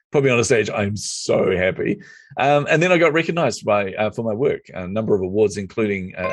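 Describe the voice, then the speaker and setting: Fast-talking deep-voiced New man. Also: no echo, studio quality. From New Zealand. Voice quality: lively storyteller who acts out quoted dialogue. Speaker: podcast guest. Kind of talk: casual storytelling interview.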